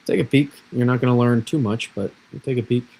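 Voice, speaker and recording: A man's voice: medium pitch, steady tone, a little fast, darkish tone, breathy edge, poor audio. A man from Massachusetts, an amateur weatherman, rambling casually through forecast models on a livestream. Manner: rambling, self-deprecating, restarts often. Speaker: weather streamer.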